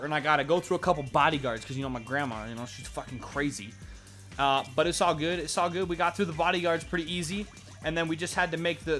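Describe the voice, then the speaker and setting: Young man, bright and a bit high-pitched, goofy improvised gameplay storytelling, swears a lot, faint music under him. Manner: silly, profane, acting out both sides of a made-up dialogue. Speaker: gameplay commentator. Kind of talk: rambling improvised game narration.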